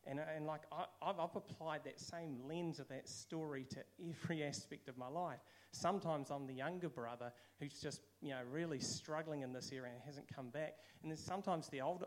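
A man with a New Zealand accent giving a casual, conversational sermon, now and then acting out quoted voices. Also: on the high side. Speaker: preacher.

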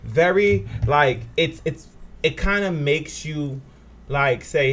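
A man co-hosting a podcast in casual chat, halting and repeating words as he retells scenes with animation. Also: fairly high pitch, lively intonation, fairly bright tone, slight background noise. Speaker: podcast co-host.

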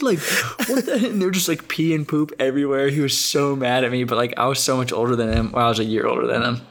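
A man's voice: mid-range voice, quick pace, few pauses. A young man telling a funny story in casual chat, laughing often and filling his talk with "like" and "dude".

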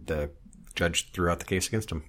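A man in casual conversation, speaking haltingly with many fillers and restarts. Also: deep voice, a bit bright. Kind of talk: casual podcast chat.

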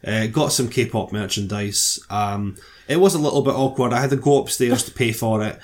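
A man's voice: mid-range voice, normal speed. A middle-aged man from Scotland with a Scottish accent, telling a story in casual, self-mocking, sweary podcast chat. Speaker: podcast co-host.

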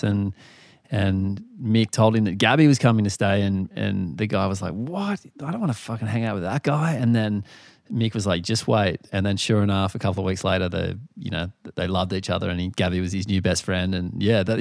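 A man hosting a casual interview, relaxed and asking long questions. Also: lowish voice, creaky, dry recording, studio quality. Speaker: podcast host.

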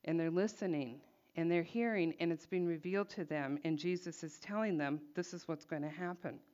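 A woman leading a Bible study in a conversational way, reading scripture aloud with expressive emphasis. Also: on the low side, brisk, muffled recording. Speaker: Bible teacher.

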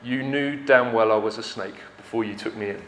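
A man's voice: lowish voice, a little fast, fairly bright tone, a little hiss or hum, lightly acted. A preacher briefly voicing a scornful male snake from a song, in a roomy space. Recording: roomy echo.

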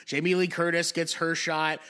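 Bright-voiced enthusiastic young man. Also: a little high, flat delivery, normal speed, smooth. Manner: enthusiastic, swears freely, draws out key phrases. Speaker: podcast co-host. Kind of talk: casual film discussion.

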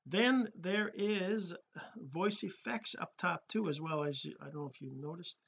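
A man's voice: high voice, a little slow, vocal fry, pushed and bright, breathy edge. A man giving a casual tutorial at his home computer setup, rambling and correcting himself as he goes. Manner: rambling, self-correcting, many fillers. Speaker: tutorial host. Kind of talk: casual screen-recorded tutorial.

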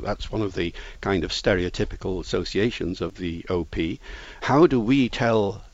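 A fairly low male voice explaining at length in an authoritative, lecturing way. The sound is dry and a little dull, like lo-fi interview audio. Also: darkish tone, dry recording. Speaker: linguist guest.

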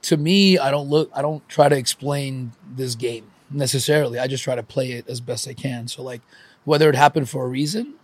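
A man's voice: medium pitch, fairly quick, no room sound. A man hosting a casual talk, reflective and reassuring, musing on life and expectations. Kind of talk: casual conversation.

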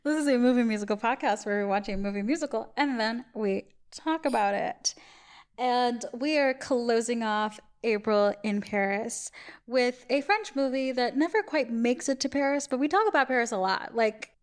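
Chatty, self-deprecating woman co-host with a higher voice. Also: normal speed. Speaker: podcast co-host. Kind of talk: casual chat.

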